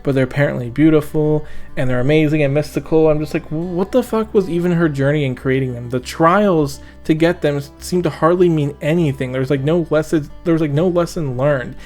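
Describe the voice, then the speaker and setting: A man's voice: fairly high pitch, a little fast. Exasperated young man ranting, guitar behind. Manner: exasperated, sarcastic, swearing, laughing at own jokes. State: tired late at night. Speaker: book reviewer. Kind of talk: casual rant review. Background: soft background guitar music.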